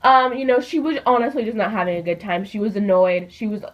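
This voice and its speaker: A woman's voice: medium pitch, quick pace. Chatty teen girl vlogger, lo-fi. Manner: chatty, filler-heavy, animated. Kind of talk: casual storytime. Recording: dull lo-fi recording.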